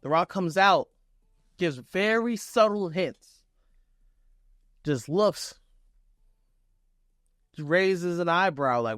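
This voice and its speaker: A man giving a casual, excitable and profane reaction review, retelling a wrestling show blow by blow. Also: a little high, a little slow, pauses often, dry recording, studio quality. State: on vacation.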